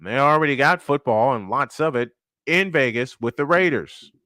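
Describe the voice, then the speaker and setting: A man's voice: medium pitch, animated, normal speed, bright, forceful tone, no room sound, studio quality. A man hosting a casual live-stream sports show, ranting and firing off rhetorical questions, repeating his points for emphasis.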